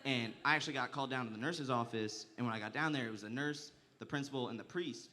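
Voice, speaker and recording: A man's voice: mid-range voice, fast, sharp tone. A young man performing a stand-up comedy set, telling crude, profane stories and often laughing through his lines.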